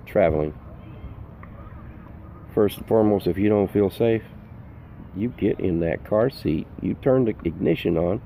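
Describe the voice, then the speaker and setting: A man's voice: low-pitched, animated, unhurried, vocal fry, pauses often, mellow, slight background noise. An older man, a full-time RV vlogger, giving earnest, emphatic safety advice outdoors, repeating his points. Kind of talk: casual outdoor vlog advice. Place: outdoors in the sun.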